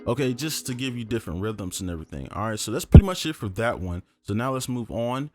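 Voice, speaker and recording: A fast-talking young man with a medium-pitched voice explains how he builds beats in a screen-recorded tutorial, music playing underneath. He's relaxed and conversational, leaning heavily on fillers like "um" and "right?".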